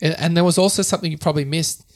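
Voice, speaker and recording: A man's voice: fairly high pitch, fairly even intonation, rapid-fire, a little mellow. A man co-hosting a casual podcast, joking around and swearing freely. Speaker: podcast co-host. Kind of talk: casual chat.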